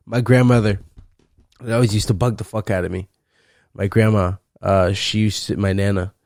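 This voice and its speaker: A young man hosting a solo podcast, rambling and cursing playfully, breaking into loud laughs. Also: on the low side, no room sound, clean studio sound. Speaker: podcast host. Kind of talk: casual solo podcast rant.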